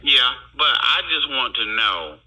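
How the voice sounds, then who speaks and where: Man, caller, accusatory, repetitive, insistent, very bright voice, middle pitch. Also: animated, unhurried, poor audio. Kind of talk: heated phone call.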